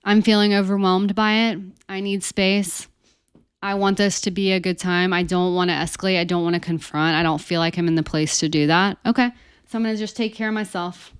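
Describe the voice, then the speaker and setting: A woman coach teaching in a casual, animated, conversational way, speaking straight to her listeners. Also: on the low side, brisk, smooth, no echo, clean studio sound. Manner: animated, conversational, addresses listeners as you guys. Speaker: codependency coach.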